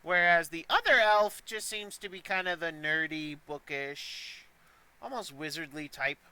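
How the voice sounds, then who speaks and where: A man's voice: a little high, a little slow, sharp tone, clear, resonant tone, no echo, low-quality recording. A man narrating as dungeon master in a loose, rambling way with many fillers. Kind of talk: narrating a tabletop game.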